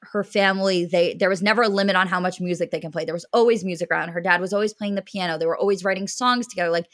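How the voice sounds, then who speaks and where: A woman co-hosting a podcast in casual chat, talking in quick, chatty bursts with many fillers. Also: lowish voice, dry recording, clean studio sound. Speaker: podcast co-host.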